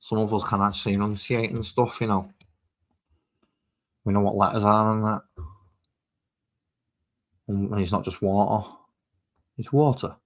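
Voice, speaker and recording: Painting miniatures on a live stream, a Mancunian man from Manchester chats and rambles casually to his viewers as he works. His voice is on the low side with little pitch variation, at a moderate pace with frequent pauses.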